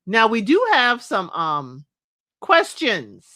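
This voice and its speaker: A woman's voice: on the high side, slow, no room sound, studio quality. A middle-aged woman, chatting casually and playfully about a reality show and acting out quotes. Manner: animated, playful, acts out quotes, addresses viewers as y'all. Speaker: show recap host. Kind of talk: casual reality-TV recap chat.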